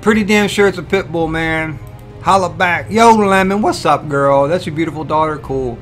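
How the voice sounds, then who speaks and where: A man hosting a casual live stream, greeting viewers by name and reacting loudly and profanely to pictures they send, often laughing. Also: on the high side, moderate pace, faint music behind. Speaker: livestream host.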